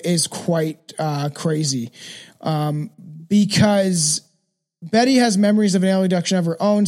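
A man's voice: fairly high pitch, darkish tone. A man hosting a podcast, rambling casually with lots of fillers and swearing. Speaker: podcast host. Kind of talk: casual chat.

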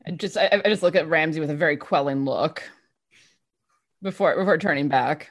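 A woman's voice: low voice, a little fast. A woman playing a tabletop role-play, speaking in tense, clipped in-character lines. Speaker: player.

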